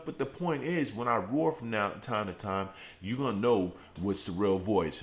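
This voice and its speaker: Middle-aged man, motivational live stream, home garage, fired-up preaching, repetitive phrasing, voice held down low. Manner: fired-up preaching with repeated phrases, speaking in a deliberately lowered voice. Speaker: host of a morning motivational show.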